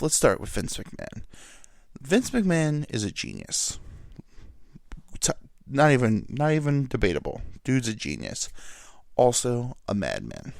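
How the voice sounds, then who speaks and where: A man hosting a casual solo podcast, rambling energetically about a topic and slipping into quick impressions of other people. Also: mid-range voice, vocal fry, dry recording, studio quality. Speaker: podcast host.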